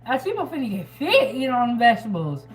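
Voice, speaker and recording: A woman's voice: a little high, quick pace, faint music behind. Chatty woman hosting a cooking livestream. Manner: chatty, animated, reads out and answers viewer comments. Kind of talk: casual live-stream chat with viewers.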